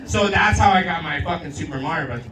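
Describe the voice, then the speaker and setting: A male comedian doing a crude, rowdy stand-up set, slipping into Spanish and loud put-on voices. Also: a little high, fast talker, crowd noise. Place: outdoor backyard show. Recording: roomy sound from a distant mic.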